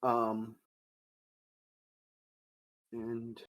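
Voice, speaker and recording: A man narrating as game master of a tabletop game, descriptive and unhurried, with frequent fillers. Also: mid-range voice, completely flat delivery, a bit bright, a little hiss or hum, poor audio.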